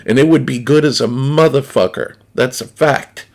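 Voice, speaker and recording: A man's voice: medium pitch, normal speed, creaky. A man, chatting casually to viewers in a blunt, profane, rambling way. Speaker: gaming streamer reviewing a snack. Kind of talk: casual unscripted chat to viewers.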